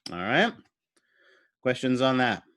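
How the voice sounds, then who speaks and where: A man's voice: mid-range voice, very animated, takes it slowly, a bit bright, no echo. A man giving a recorded university biology lecture in an informal, playful way. He explains step by step, thinks aloud as he draws on his slides, and puts casual questions to the class. His voice sits in a middle register and sounds dry and close.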